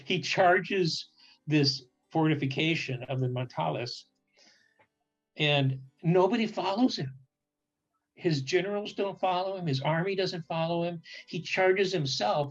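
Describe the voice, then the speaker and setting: A man casually telling a history story with humor, acting out characters' lines in quick voices. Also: fairly high pitch, breathy edge, dull audio. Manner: animated, acts out quotes in voices, restarts often. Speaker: podcast co-host.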